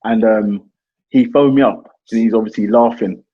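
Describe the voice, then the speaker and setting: A man's voice: on the low side, steady tone, moderate pace, breathy edge, lo-fi sound. A young man, a football fan panelist telling a story in slangy banter, often laughing. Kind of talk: casual banter.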